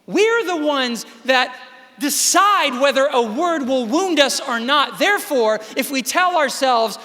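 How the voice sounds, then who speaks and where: A man's voice: extremely high pitch, pushed and bright. A man giving an emphatic motivational keynote speech at a large convention, sometimes acting out voices in dialogue. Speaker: keynote speaker. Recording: reverberant hall sound.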